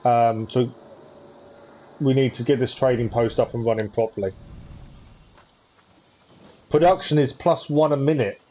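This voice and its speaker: A man's voice: mid-range voice, unhurried, long pauses, warm tone. A man giving casual commentary on a live gameplay stream, thinking aloud as he plays. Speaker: game streamer.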